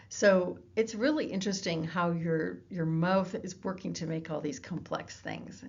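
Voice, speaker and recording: A woman giving a recorded lecture, her voice low-pitched and gravelly with noticeable fry. She explains things patiently, often pausing on fillers and restarting sentences. The recording sounds dull and lo-fi. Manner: explanatory, with fillers and self-corrections. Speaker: psychology lecturer.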